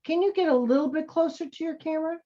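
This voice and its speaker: She talks fast in a high-pitched, warm voice, coaching her online acting class over video call. Calling students sweetie and honey, she keeps them encouraged despite dull lo-fi audio.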